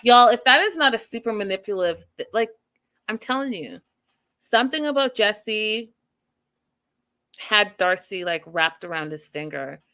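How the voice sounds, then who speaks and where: A woman hosting a podcast, giving an animated, emphatic, chatty recap of a reality show. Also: mid-range voice, normal speed. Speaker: podcast host. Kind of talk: casual TV recap commentary.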